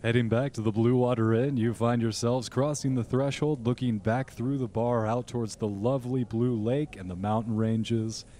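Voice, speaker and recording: A man's voice: medium pitch, fairly even intonation, normal speed, few pauses, mellow. A man narrating as game master in a tabletop game, laid-back with dry jokes.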